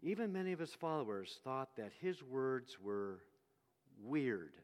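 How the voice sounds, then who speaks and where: A man preaching a sermon, telling the story with animated delivery and acting out the quoted voices. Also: mid-range voice, takes it slowly. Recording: long reverb of a hall.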